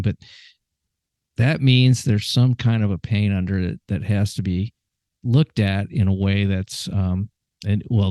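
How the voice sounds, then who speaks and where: Male podcast host, low voice, thoughtful, dry studio sound. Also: dry recording. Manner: thoughtful, affirming, explains ideas calmly. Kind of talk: casual interview chat.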